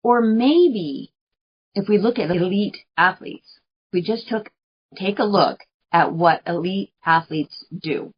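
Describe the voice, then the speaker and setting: A woman's voice: medium pitch, expressive, slow, slightly rough. A woman hosting a podcast, talking earnestly in a chatty coaching monologue, laughing often and repeating phrases for emphasis. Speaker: podcast host. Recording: dull lo-fi recording.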